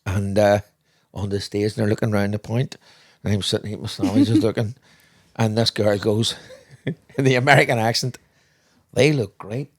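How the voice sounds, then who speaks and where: A man's voice: lowish voice, steady tone, normal speed, pauses often. A man co-hosting a podcast, telling rambling anecdotes in casual chat and swearing freely. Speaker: podcast co-host, father.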